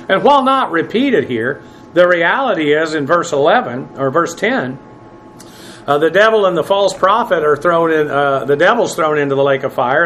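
A man teaching a sermon verse by verse, plain-spoken and halting, with many fillers and self-corrections. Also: a little high, a bit bright, a little hiss or hum, rough recording. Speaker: pastor.

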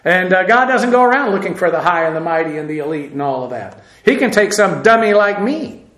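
A man's voice: high voice, lively intonation, fairly quick, a bit bright, reverberant. A man teaching a Bible passage verse by verse, explaining Greek grammar and spelling words out letter by letter, with frequent "uh" fillers and self-deprecating asides.

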